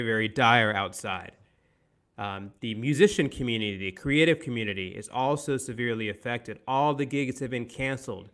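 A man's voice: mid-range voice, sharp tone, clear, resonant tone. A man hosting a nightly live-streamed concert show from his parents' dining room, emphatic and upbeat, repeating words for effect. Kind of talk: enthusiastic livestream hosting.

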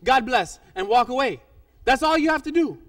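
Firm patient pastor , as a high-voiced preacher plays him, distant. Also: male voice, lively intonation, normal speed, fairly bright tone, full character voice. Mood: insistent. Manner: firm, instructive, repeating himself. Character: patient, firm male pastor, middle-aged.

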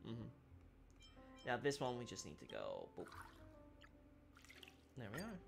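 A man's voice: medium pitch, huge pitch swings, a little slow, gravelly, music in the background. A man streaming a game, chatting casually with his viewers while he plays. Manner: chatty, talks to chat while playing. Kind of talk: casual let's-play commentary.

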